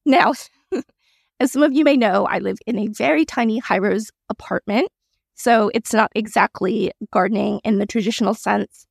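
Husky-voiced woman hosting a chatty podcast. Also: medium pitch, normal speed, dry recording, clean studio sound. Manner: chatty and candid, with frequent laughs and "right?" asides. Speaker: podcast host. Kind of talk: solo reflective podcast talk.

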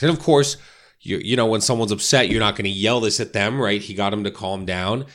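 A man's voice: on the low side, a little fast, a bit bright. A man coaching real estate agents in a casual, conversational way, often checking in with "right?" and "you know". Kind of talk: casual instructional talk.

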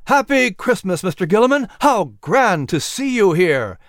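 A man voicing a cheerful, talkative young fiddler in a storybook reading, hearty and animated. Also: fairly high pitch, normal speed, dry recording, studio quality.

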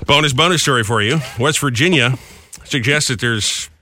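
A man's voice: medium pitch, normal speed, bright, forceful tone. A man co-hosting a morning radio show, telling funny news stories in a playful, joking way.

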